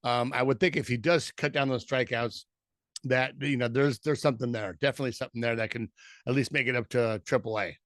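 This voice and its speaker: A man co-hosting a podcast, chatting casually about baseball in a halting way that repeats words. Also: mid-range voice, steady tone, fairly bright tone, no room sound, studio quality. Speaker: podcast co-host. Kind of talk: casual sports chat.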